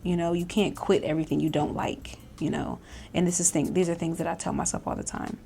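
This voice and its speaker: A woman vlogger chats casually in a lowish, gravelly voice, circling back on her words with fillers and restarts. Faint noise sits under the recording. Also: steady tone, a little fast, mellow. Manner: chatty, self-reflective, many fillers and restarts, laughs often. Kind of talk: casual reflective chat.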